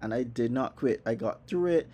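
A young man tells a comic story with plenty of profanity, acting out his own reactions as he goes. His voice is mellow and warm, and he stays animated throughout. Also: mid-range voice, normal speed. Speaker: vlogger. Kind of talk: comedic personal storytelling.

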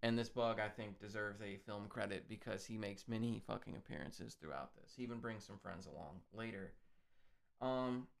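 A man's voice: lowish voice, normal speed, creaky. A man co-hosting a podcast, reviewing a film in casual chat, cursing freely and going through his notes. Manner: profane, reads from his notes. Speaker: podcast co-host.

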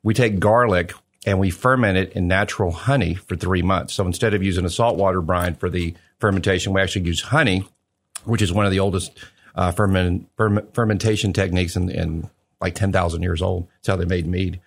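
A man's voice: low voice, fairly even intonation, a little fast, gravelly. A man who makes hot sauce, explaining it in easygoing, casual talk as a guest.

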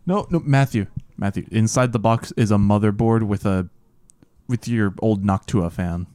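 A young man chatting casually as a podcast co-host, teasing his friends. His voice sits on the low side. The sound is dry and close, with no room around it. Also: normal speed, warm tone, no echo. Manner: joking, teasing banter. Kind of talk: casual chat. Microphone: webcam call setup.

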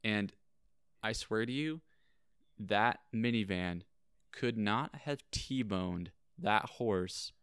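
A young man, a podcast co-host, telling a story dramatically and building suspense with slow pauses. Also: lowish voice, fairly bright tone, smooth, no echo, studio quality. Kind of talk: animated storytelling.

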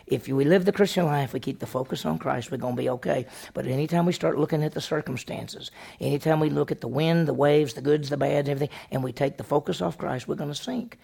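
Male pastor with a gravelly voice, chatty lesson, tosses questions to the room and answers them. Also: fairly high pitch, fairly quick, a little mellow. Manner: asks the congregation questions and answers them himself; folksy, tells personal stories. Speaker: senior pastor. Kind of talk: conversational church lesson.

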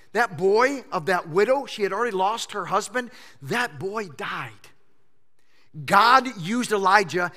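Animated high-voiced male pastor preaching. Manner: animated, swings from loud shouting to hushed intensity. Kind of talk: sermon. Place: church sanctuary. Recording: long church-hall reverb.

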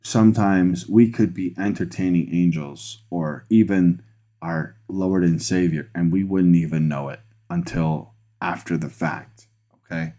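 A man who is a pastor and podcast host, preaching a sermon in an earnest way, restarting phrases and growing excited when he presses a point. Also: low-pitched, measured pace.

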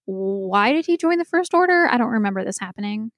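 A woman co-hosting a casual chat podcast, recapping a TV episode in a chatty, animated way and laughing often. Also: a little high, a little fast, no room sound. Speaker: podcast co-host.

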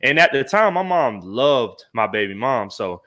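A man, a podcast co-host telling a personal story in animated, slangy casual chat. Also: mid-range voice, unhurried. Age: 20s. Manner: animated, slangy, acts out voices when teasing.

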